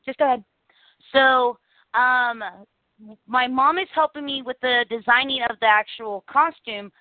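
A woman hosting a casual podcast chat, talkative and animated, laughing often. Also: a little high, no echo. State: coughing after swallowing the wrong way. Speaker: podcast host. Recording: dry, phone-like audio.

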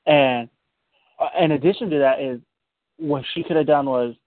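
A man's voice: fairly high pitch, moderate pace, no room sound. A man taking part in a Bible study. He talks in a casual, rambling, reflective way. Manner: rambling, loose and conversational. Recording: dry, tinny phone line.

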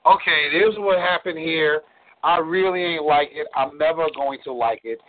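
A man's voice: fairly high pitch, normal speed. Blunt man coaching over a tinny line. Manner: blunt, preachy, repeats words for emphasis. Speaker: relationship coach. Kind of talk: frank advice on a call-in show. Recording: tinny phone-line sound.

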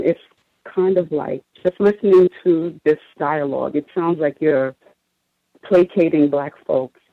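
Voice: mid-range voice, no room sound. A caller on a radio show, giving a plainspoken, critical comment. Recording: tinny phone line.

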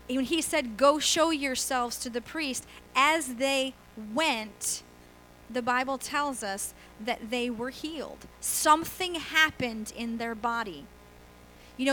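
A woman's voice: sits high, bright, forceful tone, a little hiss or hum, low-quality recording. A woman pastor giving a conversational sermon, asking the congregation questions and laughing easily. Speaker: guest pastor.

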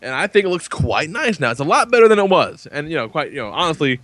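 A middle-aged man co-hosting a podcast, telling a story in a casual, profane, animated way. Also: fairly high pitch, quick pace, no room sound. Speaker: podcast co-host. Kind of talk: casual chat.

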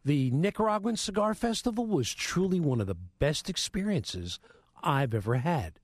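A man co-hosting a live radio talk show from a studio, speaking in a measured, enthusiastic way. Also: fairly high pitch, sing-song, husky, dry recording. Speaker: radio co-host. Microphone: studio microphone.

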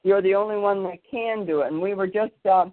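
A man's voice: high-pitched, fairly quick, no echo. Rambling male podcast host over a phone line. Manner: meandering, with frequent fillers. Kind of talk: casual chat, rambling storytelling. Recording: tinny phone-line sound.

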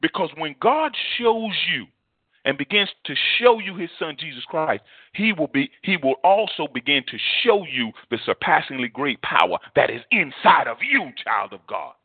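A man's voice: fairly high pitch, big pitch swings, moderate pace, husky, dry recording. A male preacher delivering a fervent sermon, repeating phrases for emphasis. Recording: tinny phone-like dry sound.

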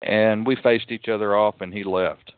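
A man's voice: lowish voice, steady tone, normal speed, smooth, no echo. A man hosting a casual talk radio show, telling an indignant story and swearing now and then. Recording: dry, tinny phone-like sound.

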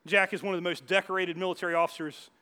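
A man's voice: sits high, flat delivery, racing, bright, forceful tone, clear, resonant tone. A man preaching a sermon as pastor, telling stories in a church with frequent restarts and asides. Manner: storytelling with many restarts and asides. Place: church hall.

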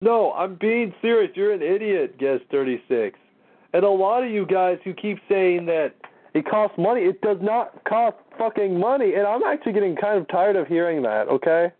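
A man's voice: sits high, expressive, normal speed. A man hosting a casual call-in show, exasperated and mocking, swearing often. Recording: tinny phone-line audio.

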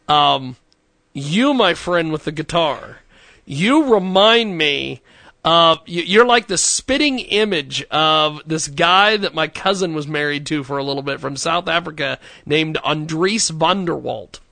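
A man's voice: a little high, expressive, measured pace, creaky, pushed and bright, no room sound. A man hosting a casual studio talk show, rambling with stammered repeats and frequent laughter. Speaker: radio show host.

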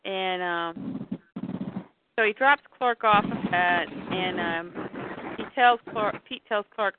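A woman's voice: mid-range voice, takes it slowly, long pauses, noisy background. A woman casually recapping an episode of a show and briefly acting out the characters' lines as she goes. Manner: retells scenes, briefly voicing the characters' lines. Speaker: podcast host recapping a show. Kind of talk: casual recap, reading out scenes. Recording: tinny phone-like audio, dry.

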